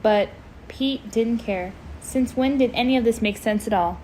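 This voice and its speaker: A woman reading a scary story aloud in a casual, expressive way, breaking off to chat. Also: fairly high pitch, a little slow, a little hiss or hum, low-quality recording. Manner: chatty, expressive, breaks off to comment. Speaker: amateur audiobook reader. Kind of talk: casual read-aloud with commentary.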